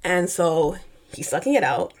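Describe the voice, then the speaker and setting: A woman's voice: lowish voice, sing-song, normal speed. A young woman co-hosting a podcast, casually recapping a book and laughing often as she mimics the characters. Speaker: podcast co-host.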